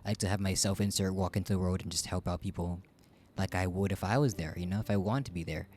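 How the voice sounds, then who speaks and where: A man's voice: sits low, steady tone, fast talker, a little mellow, a little hiss or hum. A man casually chatting through a game he is streaming, rambling and joking about himself. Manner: chatty, rambling, self-deprecating. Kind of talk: casual gameplay commentary.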